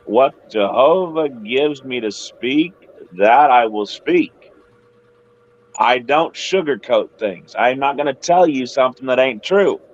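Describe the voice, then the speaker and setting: A man's voice: mid-range voice, animated, takes it slowly, highs cut off. A man hosting a casual Bible discussion who retells the stories, putting on voices for the quotes. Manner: retells scripture with playful acted quotes. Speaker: Bible study host.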